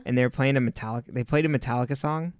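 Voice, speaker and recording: A man co-hosting a podcast tells loose, rambling stories and laughs often. His voice sits at an ordinary middle pitch and sounds close and dry, with no room around it. He is from Southern California. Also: very fast, smooth, no room sound. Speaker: podcast co-host. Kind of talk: casual chat recapping a TV episode.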